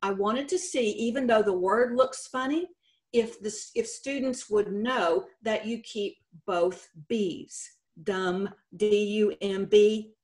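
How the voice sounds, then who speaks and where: A woman contest director giving a slow, deliberate instructional talk on spelling rules. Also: medium pitch, a little mellow. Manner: slow, deliberate teacherly explanation. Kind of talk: instructional presentation.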